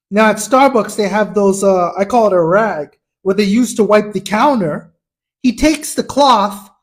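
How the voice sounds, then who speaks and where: A man hosting a podcast, giving a personal commentary monologue. He tells his story earnestly and indignantly, often restarting and repeating words. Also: extremely high pitch. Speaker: podcast host.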